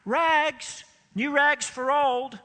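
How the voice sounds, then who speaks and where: A man voicing a tall, gentle, sorrowful male rag man who speaks with quiet authority and cries his wares aloud like a street vendor. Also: extremely high pitch, drawn-out words, pitched above the performer's own voice, exaggerated voice. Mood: calling out. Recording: long hall reverb.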